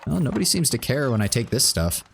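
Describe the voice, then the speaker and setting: A man's voice: medium pitch, sing-song, quick pace, gravelly, a little hiss or hum. A man streaming a game, casually thinking aloud and reading out game text and stats. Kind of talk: casual gameplay commentary.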